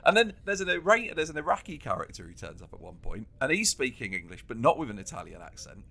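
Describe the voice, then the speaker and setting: A man with a bright, forceful voice holds forth in loose comedy podcast chat. His pitch swings widely as he rants, and he breaks into laughter often between points. He stays a casual co-host throughout. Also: very animated, quick pace, vocal fry.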